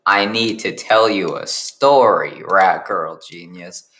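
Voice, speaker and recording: A man voicing a sullen, brooding male rat character in an improvised story, speaking in a flat, earnest way. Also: sits low, takes it slowly, exaggerated voice.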